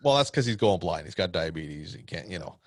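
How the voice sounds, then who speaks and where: A man's voice: low voice, lively intonation, a little fast, dry recording, studio quality. A man co-hosting a podcast, telling a story in a rambling way, laughing often and swearing. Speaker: podcast co-host, pro wrestler. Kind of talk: casual chat.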